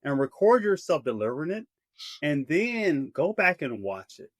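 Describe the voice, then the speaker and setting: A man's voice: a little high, big pitch swings, normal speed, dry recording, studio quality. A middle-aged man, an author and speaker, giving practical advice in a casual interview.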